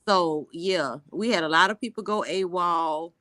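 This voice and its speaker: A woman's voice: lowish voice, unhurried, pushed and bright, no echo, clean studio sound. A woman from Florida chatting casually on a live stream, blunt and joking in a laid-back way.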